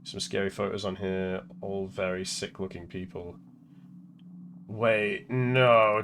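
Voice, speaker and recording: A man's voice: low-pitched, level tone, unhurried, fairly bright tone, a little hiss or hum. A young man streaming a game live, muttering commentary with swearing and mocking asides. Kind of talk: casual live gameplay commentary.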